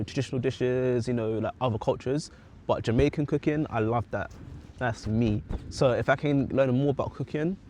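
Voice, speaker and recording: A man's voice: mid-range voice, a little hiss or hum. A man talking earnestly and reflectively in a casual personal vlog, sometimes repeating words for emphasis. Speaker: vlogger.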